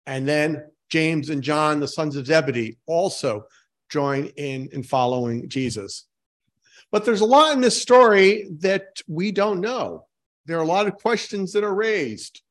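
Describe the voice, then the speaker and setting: A man preaching a sermon in a relaxed, conversational way, asking his congregation questions and poking fun at himself. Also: a little high, a little slow. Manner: informal, asks the congregation questions, self-mocking jokes. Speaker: pastor.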